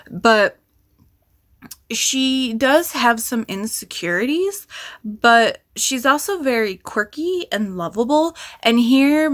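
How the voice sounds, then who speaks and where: A woman's voice: mid-range voice, fairly bright tone. Chatty woman reviewing a book. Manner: candid, chatty, frequent ums and likes. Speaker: book vlogger. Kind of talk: casual book review vlog.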